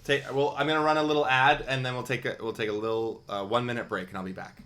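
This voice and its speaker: A man streaming a video game live, chatting casually and thinking out loud with wry asides. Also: mid-range voice, flat delivery, fast talker.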